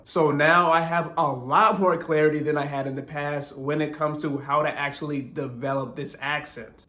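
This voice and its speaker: A man talks to the camera in a candid, self-critical way, reflecting plainly on his own mistakes. His voice sits a little high for a man and carries an echo from the room around him. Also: a bit bright. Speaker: language-learning vlogger. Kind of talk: reflective solo vlog talk.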